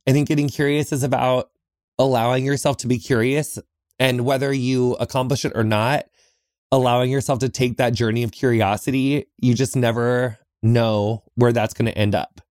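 A man hosting a podcast, talking earnestly and reflectively in a small closet, with frequent pauses and restarts. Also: medium pitch, steady tone, darkish tone, dry recording, studio quality. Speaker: podcast host. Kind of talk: heartfelt solo podcast talk.

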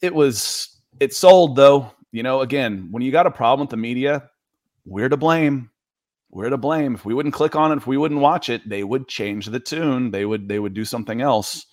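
A man co-hosting a casual sports talk show, giving animated opinions with frequent restarts. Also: mid-range voice, moderate pace, no echo, studio quality. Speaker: sports talk co-host and writer.

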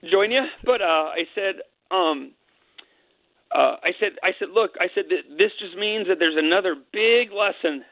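A man's voice: sits high, no room sound. A middle-aged man, an interview guest, telling a personal story candidly and emotionally, mixing in jokes. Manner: candid, emotional, quick to joke. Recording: tinny phone-line sound.

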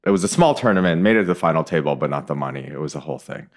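Podcast host, late 30s man, animated pitch, dry self-mocking humor. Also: very fast. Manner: dry, self-deprecating, chuckling often. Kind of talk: casual chat.

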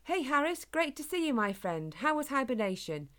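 A woman's voice: high-pitched, big pitch swings, normal speed, pitched above the performer's own voice. A woman voicing a kind, reassuring friend who coaches a young runner. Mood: friendly. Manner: warm, reassuring, mentor-like. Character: kind, encouraging older running friend.

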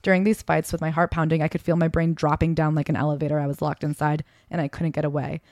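A woman co-hosting a podcast, chatting casually about a memoir and reading passages from it aloud in a soft, subdued tone. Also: low-pitched, little pitch movement, fast, no echo, clean studio sound. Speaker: podcast co-host.

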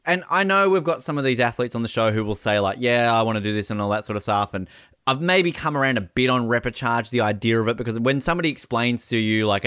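A man's voice: on the low side, fairly bright tone, no room sound, studio quality. A man with an Australian accent co-hosting a podcast, chatting casually and wryly with the odd swear word. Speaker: podcast co-host. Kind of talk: casual chat.

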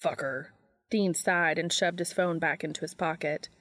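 A woman narrates a fan fiction audiobook in a steady, measured manner. Her voice sits a little low. The recording is close and dry with no room sound. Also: no room sound.

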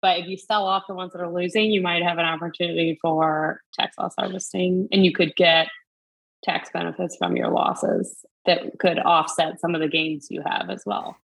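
Podcast guest, woman, gravelly and husky, measured explainer. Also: fairly low pitch, fairly bright tone, rough recording. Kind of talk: casual chat.

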